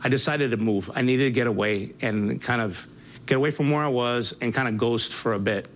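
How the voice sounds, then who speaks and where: A man giving a spoken personal testimony, halting and earnest, with many restarts and fillers. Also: mid-range voice, a bit bright, a little hiss or hum. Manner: voice rises sharply when reliving angry moments.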